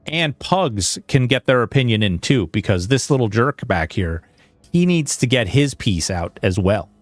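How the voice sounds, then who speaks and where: A man's voice: mid-range voice, sing-song, moderate pace, no echo. A man streaming a video game, talking in an earnest, rambling way into a headset. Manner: earnest, rambling, with many restarts. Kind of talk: livestream chat and game commentary.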